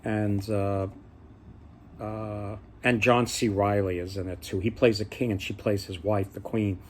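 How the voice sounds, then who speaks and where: A man's voice: on the low side, steady tone, measured pace, slight background noise. A man casually retelling folk tales, rambling and often restarting his sentences. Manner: rambling, many fillers and restarts. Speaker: storyteller.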